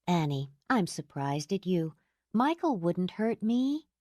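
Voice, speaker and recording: A woman's voice: on the low side, sing-song, slow pace, a little mellow, no room sound, clean studio sound, exaggerated voice. A woman reading an audiobook, voicing a tired, kind young mother who speaks reasonably. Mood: weary.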